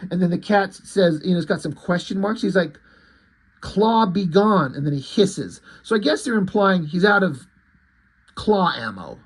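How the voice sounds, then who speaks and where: A man's voice: high voice, very animated, normal speed, breathy edge. A man casually recapping a comic book page by page, rambling and swearing freely. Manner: profane, rambling, frequent fillers.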